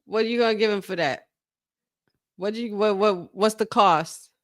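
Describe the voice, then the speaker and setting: A woman hosting a live wrestling watch-along from her room at home, excitable and swearing as she talks to her chat. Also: mid-range voice, normal speed. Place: room at home with windows open.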